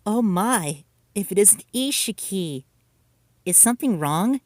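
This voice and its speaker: A man voicing a bossy two-faced teen girl, raised pitch, lively swings, dry storybook voice. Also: moderate pace, no room sound. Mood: sweet. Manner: snapping, shouting. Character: hot-tempered teenage girl, two-faced bully.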